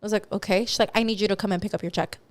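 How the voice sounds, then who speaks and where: A young woman co-hosting a podcast, telling a profane, animated story with acted-out quotes in casual chat. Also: medium pitch, very fast. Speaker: podcast co-host.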